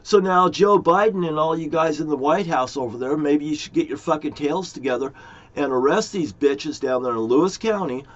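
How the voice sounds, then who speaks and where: Swearing frequently, a middle-aged man airs his grievances in a long, wandering monologue for his vlog audience. He speaks at an ordinary pace in a slightly high voice, captured in a dull, lo-fi recording.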